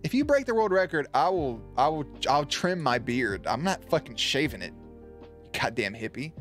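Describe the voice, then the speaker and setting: A man's voice: mid-range voice, big pitch swings, normal speed, fairly bright tone, faint music behind. A young man streaming and commentating marble races in a hyped, playful way, swearing freely and calling the action like a sportscaster. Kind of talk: casual livestream commentary.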